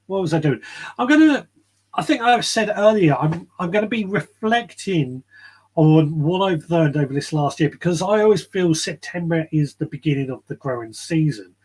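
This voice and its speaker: A man hosts a relaxed live chat from a garden shed, talking in a rambling, easygoing way. His voice sits a little high for a man and has a slightly husky edge. He wanders between thoughts and picks up viewer comments as he goes. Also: normal speed. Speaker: podcast host. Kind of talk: casual live-stream chat.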